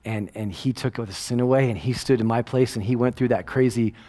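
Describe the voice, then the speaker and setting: A middle-aged man preaching a casual, conversational sermon, animated and rambling, often checking in with "right?" and dropping from loud emphasis to hushed asides. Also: medium pitch, brisk. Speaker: pastor.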